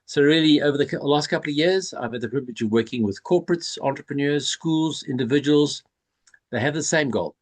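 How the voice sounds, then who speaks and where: Leadership coach, man, husky voice, measured pitch-style delivery. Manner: measured, rhetorical pauses. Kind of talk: pitch presentation.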